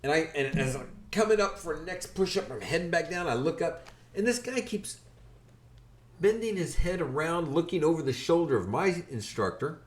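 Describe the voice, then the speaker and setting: A man hosts a podcast and tells a personal story in a loose, casual way. His pitch moves a lot as he talks, and he slips in wry asides along the way. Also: normal speed. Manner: animated, wry anecdotal telling. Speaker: podcast host.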